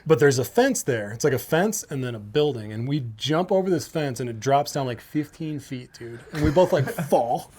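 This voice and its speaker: A man's voice: mid-range voice, normal speed, few pauses, a little hiss or hum. A middle-aged man from Minnesota telling a wild story in casual chat, swearing and acting out the voices he quotes. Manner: animated, swearing, acts out quotes in raised voice. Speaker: podcast host.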